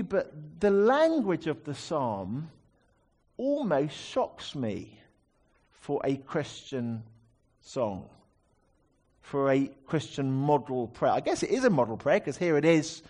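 A man's voice: mid-range voice, a little mellow. A man preaching a sermon, explaining a psalm in a conversational teaching manner with rhetorical asides.

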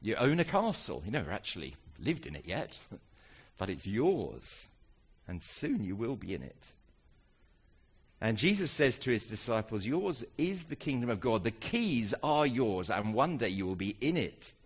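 A man's voice: lowish voice, normal speed, slightly rough. A man preaching a sermon, asking the congregation rhetorical questions and reading scripture aloud. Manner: animated, asks rhetorical questions.

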